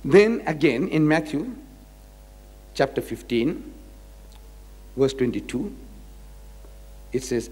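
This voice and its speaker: A man giving a public lecture on scripture, emphatic, asking rhetorical questions and swinging between loud and quiet. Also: medium pitch, sing-song, slow pace, pauses often, breathy edge. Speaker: religious lecturer. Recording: reverberant lecture hall.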